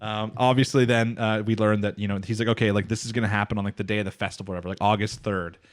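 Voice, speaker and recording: Man, podcast co-host, rapid casual rambling, dry close sound. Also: lowish voice, flat delivery, no room sound. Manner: rambling, lots of fillers, acts out characters' lines. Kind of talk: casual anime recap chat.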